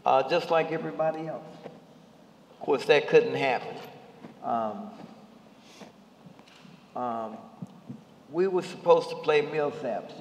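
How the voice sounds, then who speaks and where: Man in his seventies, panelist, measured and reflective, roomy hall sound. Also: mid-range voice, a little hiss or hum. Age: 70s. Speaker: alumnus panelist. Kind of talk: personal reminiscence on a panel. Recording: roomy hall with long reverb.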